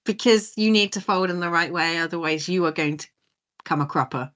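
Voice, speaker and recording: A woman's voice: lowish voice, fairly bright tone, clear, resonant tone. Woman critiquing mahjong plays. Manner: quick to question and disagree, laughs often. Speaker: mahjong stream co-host. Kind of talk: casual game commentary.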